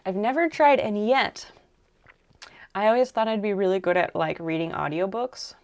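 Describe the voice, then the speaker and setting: A young adult woman streaming while she crafts, chatting casually and rambling softly as she thinks aloud. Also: medium pitch, normal speed, smooth.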